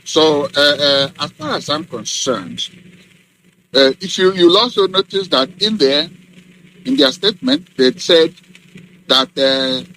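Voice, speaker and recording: A middle-aged man, a professor, answering in a radio interview in an emphatic, deliberate way with many ums. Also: on the high side, animated, sharp tone, rough recording. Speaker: guest professor and activist.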